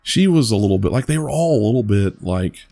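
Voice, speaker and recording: This podcast co-host talks a little fast in a fairly low, warm, expressive voice while faint music plays behind him. His casual movie chat rambles, full of restarts and occasional swearing.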